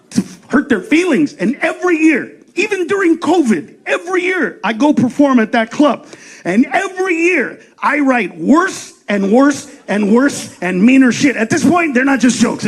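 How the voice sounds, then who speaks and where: A man doing a stand-up comedy set on a club stage, loud and profane, acting out characters in quick voices. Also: very high-pitched. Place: comedy club stage before a laughing audience.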